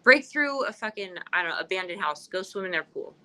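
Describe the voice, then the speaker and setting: Loud, profane woman in her forties. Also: mid-range voice, animated, fairly quick, low-quality recording. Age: 40s. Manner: loud, profane, emphatic and rambling. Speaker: podcast host. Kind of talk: casual podcast chat.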